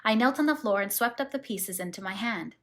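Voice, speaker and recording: A woman reading a classic novel aloud as an audiobook, in a steady, measured manner. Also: medium pitch. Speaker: audiobook reader. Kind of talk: audiobook narration.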